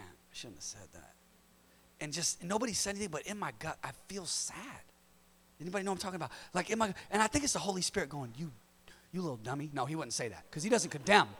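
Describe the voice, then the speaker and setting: A man's voice: high voice, a bit bright, a little hiss or hum. A man, a pastor, preaching a sermon to his congregation, building emphasis and calling out to the room. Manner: preaching with rising emphasis and call-outs to the congregation. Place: church service.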